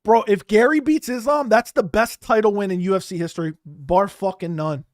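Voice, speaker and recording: A young man with a high voice hosts a live fight watch-along. He talks in a loose, animated way, curses freely and keeps repeating lines. The sound is dry and close to the mic. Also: moderate pace, no echo. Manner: animated, swearing, repeats himself, bursts into loud outbursts. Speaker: host reacting to a live fight.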